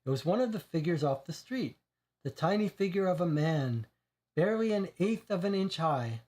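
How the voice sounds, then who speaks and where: A man's voice: high-pitched, expressive, normal speed, darkish tone. A man reading a crime dossier aloud for a game stream, with small slips, then commenting casually.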